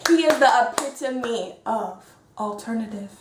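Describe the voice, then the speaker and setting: Sassy woman co-hosting a reality show recap, bit high voice, roomy echo. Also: background noise. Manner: sassy, playful, quick asides. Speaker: show co-host. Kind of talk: casual reality TV recap chat. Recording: echoey room.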